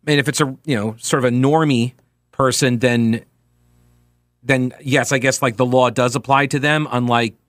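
A man's voice: mid-range voice, steady tone, normal speed, a bit bright, dry recording. A male talk radio host giving a chatty, sardonic monologue from a radio studio, with lots of fillers. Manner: conversational and sardonic, with frequent fillers.

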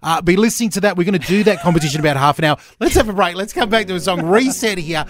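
A man hosting a breakfast radio show, his voice sitting a little high for a man. He talks in a casual, enthusiastic way, padding his sentences with fillers. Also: expressive, very fast, over loud music. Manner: warm, enthusiastic, many fillers.

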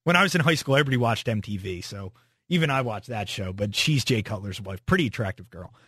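A man's voice: on the low side, lively intonation, fast talker, a bit bright, slightly rough, dry recording, studio quality. A young man hosting a sports talk radio show, casual and opinionated, rambling through his takes.

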